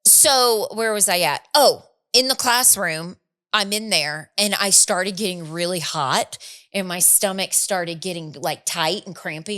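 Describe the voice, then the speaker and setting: A woman in her thirties, a podcast co-host, telling a story in a casual chat, animated and laughing, acting out quotes. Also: fairly low pitch, normal speed.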